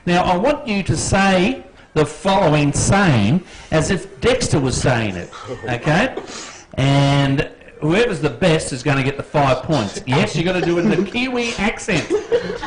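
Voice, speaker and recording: A man's voice: on the high side, sing-song, measured pace, rough recording. Quiz host: Australian man, jokey and teasing, voice swings up and down. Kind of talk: live quiz show hosting. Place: football club room.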